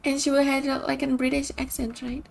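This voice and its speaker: High-voiced chatty woman streamer. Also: little pitch movement, fairly quick, vocal fry, a little hiss or hum. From Brazil. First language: Portuguese. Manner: chatty, upbeat, giggly. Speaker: game streamer. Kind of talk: casual stream chat with game commentary.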